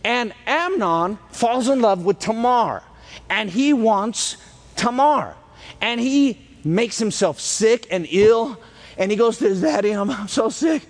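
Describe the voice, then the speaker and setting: A man with a high-pitched voice preaches a sermon, telling the story in a lively, casual way. His voice rings out with a long reverb, as in a large hall. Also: slow. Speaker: pastor.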